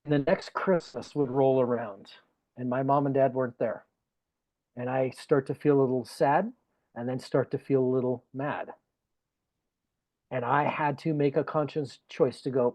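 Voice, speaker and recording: A man's voice: mid-range voice, fairly even intonation, measured pace, darkish tone. A man, a guest speaker, telling a personal story in conversation, earnest and emotional, often repeating phrases for emphasis.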